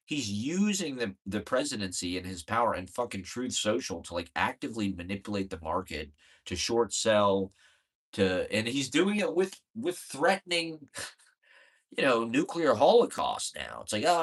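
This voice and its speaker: A man's voice: fairly low pitch, big pitch swings, moderate pace, fairly bright tone, slightly rough. A man in a casual political rant, profane, exasperated and rambling, with many fillers.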